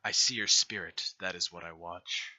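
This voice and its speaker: A man voicing a serene godlike male being, speaking slowly and softly in a solemn, welcoming way. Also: low voice, fairly even intonation, pitched below the performer's own voice, full character voice. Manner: slow, hushed, solemn and welcoming.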